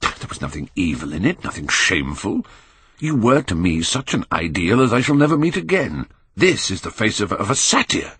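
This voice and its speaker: A man's voice: lowish voice, very animated, normal speed, a bit bright, breathy edge, heavily acted. A man reading an anguished middle-aged male painter in an audiobook, pleading and aghast, rising to cries. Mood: shaken.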